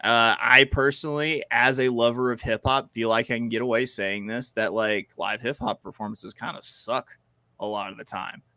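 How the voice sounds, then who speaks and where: A man co-hosting a podcast, talking casually with animated emphasis. His voice has a bright edge and sounds dry and close on the mic. He often breaks off with fillers and restarts before pushing on. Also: medium pitch, moderate pace, no room sound. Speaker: podcast co-host. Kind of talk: casual chat.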